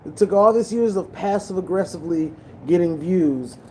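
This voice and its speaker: A man's voice: high-pitched, moderate pace, dark tone, a little hiss or hum, low-quality recording. Loose, rambling young man. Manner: loose, profane, rambling storytelling with restarts. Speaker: movie vlogger. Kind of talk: casual rambling vlog while editing.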